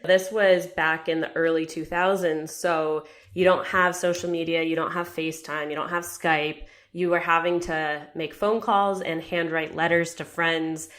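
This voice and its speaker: An American woman in her thirties, a podcast guest, telling stories from her youth in a chatty, relaxed way. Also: low voice. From United States. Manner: chatty storytelling, quick and relaxed. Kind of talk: podcast interview.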